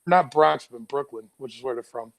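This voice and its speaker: A man's voice: medium pitch, moderate pace, gravelly, crowd noise. A man playing a tabletop game, talking in a jokey, laughing way. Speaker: player. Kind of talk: casual tabletop play.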